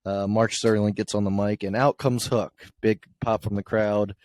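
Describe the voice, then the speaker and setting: A man's voice: on the low side, level tone, moderate pace, darkish tone, no room sound. A young man co-hosting a podcast in casual chat, recapping events in a rambling way with fillers. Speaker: podcast co-host.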